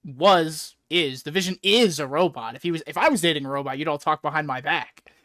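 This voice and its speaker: A man's voice: on the high side, brisk, pushed and bright, dry recording, clean studio sound. A man voicing a wisecracking young male superhero who blurts out offhand jokes.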